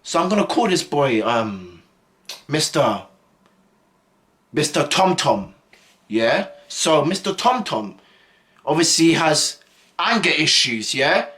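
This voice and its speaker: A man's voice: on the high side, sing-song, takes it slowly, long pauses, fairly bright tone. A young man telling a school story in a casual, rambling way full of slang and fillers. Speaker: vlogger.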